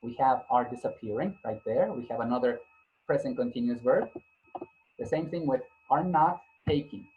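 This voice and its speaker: A male English teacher speaks in a mid-range voice at a moderate pace, through narrow, tinny audio with a little hiss or hum. Giving a grammar lesson, he patiently repeats points, spells out letters, and corrects himself mid-sentence.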